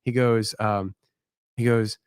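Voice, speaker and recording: A tired man signs off a late-night live show. He rambles and stops to restart his thoughts. His voice is low and smooth, and the sound is close and dry. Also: fairly even intonation, no echo. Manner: rambling, halting, candid. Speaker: podcast host.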